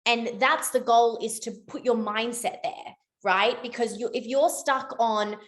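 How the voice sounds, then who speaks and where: A young woman with a slightly high voice talks casually to her team, rambling and chatty. She keeps correcting herself mid-sentence and fills gaps with "like" and "um". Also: steady tone, measured pace. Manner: chatty, rambling, with many likes and self-corrections. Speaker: network marketing team leader. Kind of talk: casual motivational talk.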